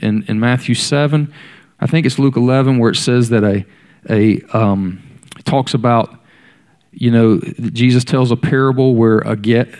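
A man's voice: mid-range voice, darkish tone. A man delivers a sermon in an ordinary mid-range voice. He tells the stories and keeps turning to his listeners with direct questions. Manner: storytelling, voicing the characters in quotes; addresses the congregation directly. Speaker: preacher.

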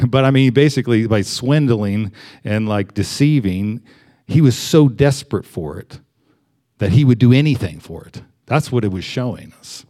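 A man's voice: medium pitch, lively intonation, moderate pace, dark tone. A young adult man giving a sermon in a loose, conversational way, full of fillers and restarts. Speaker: pastor.

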